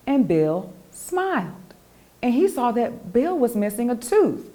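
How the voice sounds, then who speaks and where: A woman, the author, reading her children's picture book aloud in an expressive, animated storytelling voice. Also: a little high, slow.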